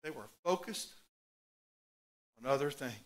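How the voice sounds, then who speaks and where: A middle-aged pastor preaches unhurriedly at a medium pitch, telling stories in his sermon with animated swings from loud outbursts to hushed asides.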